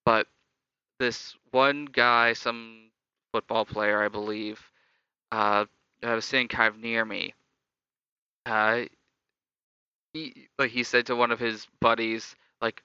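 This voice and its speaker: A man's voice: medium pitch, level tone, normal speed, sharp tone, clean tone, no echo. A young adult man casually telling stories about his upbringing, reflective and loosely rambling. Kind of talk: casual personal storytelling. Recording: slightly dull lo-fi dry recording.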